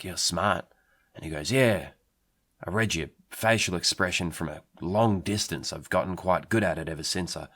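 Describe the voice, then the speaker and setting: A man playing a rambling, swearing Australian bloke who tells an absurd story in a deadpan way, with an Australian accent. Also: sits low, husky, heavily acted. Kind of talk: absurd comic monologue.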